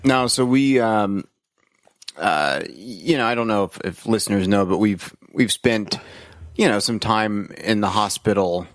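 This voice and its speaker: A man's voice: fairly low pitch, measured pace, no echo, studio quality. A man hosting a podcast in casual chat, with the hiccups, rambling with lots of ums and uhs. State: has the hiccups. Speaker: podcast host.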